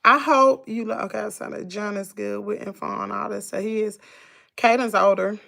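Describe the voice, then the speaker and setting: A woman's voice: medium pitch, steady tone, moderate pace, vocal fry, sharp tone. A middle-aged woman with a Southern US accent, chatting casually with viewers on her livestream in a folksy way. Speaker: livestream host.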